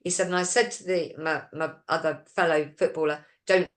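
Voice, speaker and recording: A woman hosts a relaxed talk show and talks through a long story, voicing the lines of each person in it. Her voice sits fairly low for a woman. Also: brisk. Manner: storytelling, retelling quoted dialogue; reads listener questions aloud. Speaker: host. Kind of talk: casual chat.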